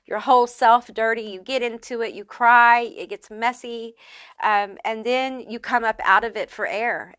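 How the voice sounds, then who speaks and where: A woman's voice: mid-range voice, sharp tone, dry recording. A woman giving a casual pick-a-card tarot reading, chatty and emphatic, with frequent fillers. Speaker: tarot reader.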